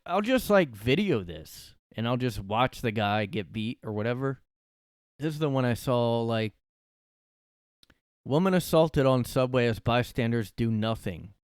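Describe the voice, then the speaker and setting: A man's voice: mid-range voice, lively intonation, moderate pace, clear, resonant tone, no echo, studio quality. A young man hosting a casual solo podcast from his room, rambling sarcastically and swearing often. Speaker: podcast host.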